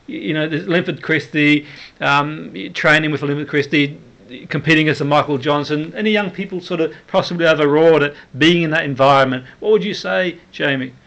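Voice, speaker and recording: A man's voice: a little high, fairly quick, a bit bright, lo-fi sound. A man hosting a radio sports show, asking long, encouraging questions full of fillers. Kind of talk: radio interview.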